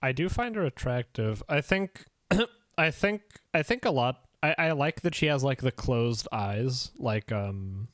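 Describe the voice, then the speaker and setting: Podcast host, male, animated and giggly, recorded dry. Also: medium pitch, a little slow, no room sound. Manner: excitable, laughs often, acts out quotes. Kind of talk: casual podcast chat.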